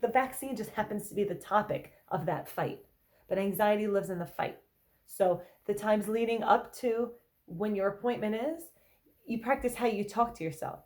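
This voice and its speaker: A woman's voice: medium pitch, normal speed, darkish tone. A woman therapist talking casually to viewers, often checking in with "okay?" and "right?" and acting out anxious thoughts. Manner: acts out anxious inner thoughts in quotes. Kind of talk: casual explanatory talk to viewers.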